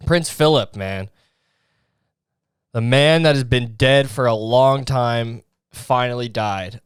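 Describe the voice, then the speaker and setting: Smooth-voiced young man rambling comedically. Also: medium pitch, no room sound, clean studio sound. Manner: rambling, profane, full of fillers. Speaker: podcast host. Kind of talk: comedic podcast monologue.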